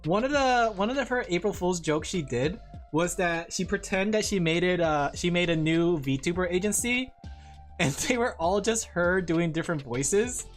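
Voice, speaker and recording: A man's voice: high-pitched, expressive, moderate pace, soft background music. A man streaming live, chatting casually in a giggly, rambling way.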